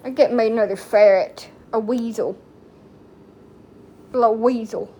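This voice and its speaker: A woman's voice: fairly high pitch, fairly even intonation, moderate pace, mellow. A woman in her thirties from the United States, chatting casually to her viewers in a blunt, rambling way full of folksy slang. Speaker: TikTok streamer. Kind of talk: casual chat to camera.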